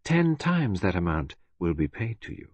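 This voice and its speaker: A man voicing a calm, sinister criminal agent who talks slowly and coolly. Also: low-pitched, husky, no echo, heavily acted. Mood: calm menace. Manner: calm, unhurried.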